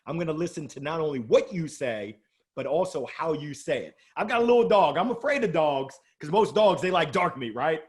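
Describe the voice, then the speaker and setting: A man speaking as an interview guest about sales, lively and joking, with strong emphasis. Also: fairly high pitch, normal speed. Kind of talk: energetic motivational interview talk.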